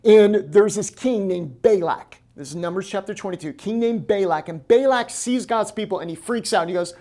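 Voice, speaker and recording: An American man in the role of pastor, preaching a lively sermon and acting out quoted voices. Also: high-pitched, moderate pace.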